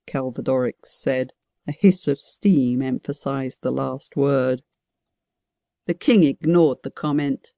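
A woman reads fantasy narration in an even, measured way. Her voice is mellow and warm, and the recording is dry and close. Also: very deep voice, no echo. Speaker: audiobook narrator.

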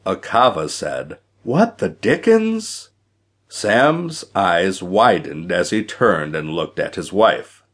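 A male audiobook narrator reads an adventure story at an unhurried pace. His voice sits low, with lively swings of pitch that keep the narration expressive. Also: breathy edge. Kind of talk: scripted narration.

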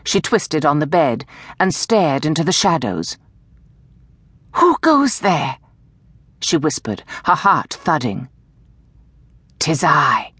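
A woman narrating an audiobook in a measured, dramatic storytelling manner, dropping to a hush for whispered lines, recorded close on a studio mic in a booth. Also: deep voice, dry recording. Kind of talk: scripted narration of a historical romance.

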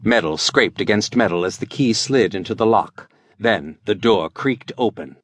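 A man reading an adventure audiobook as scripted narration, with animated storytelling. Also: fairly low pitch, normal speed, no echo.

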